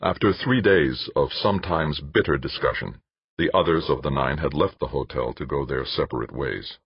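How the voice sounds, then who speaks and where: A man narrating an audiobook in a measured, descriptive way. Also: a bass voice, slightly rough, dry recording. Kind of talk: scripted narration. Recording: dull lo-fi dry recording.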